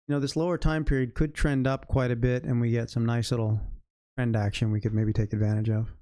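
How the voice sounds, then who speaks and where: A man streams his trading day, thinking out loud and swearing to keep himself fired up. His voice is mellow and mid-pitched. It sits close and dry on the mic. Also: flat delivery, fairly quick, no room sound. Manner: loose, swearing, talks to himself and chat. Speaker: day trader livestreaming. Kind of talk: live trading commentary.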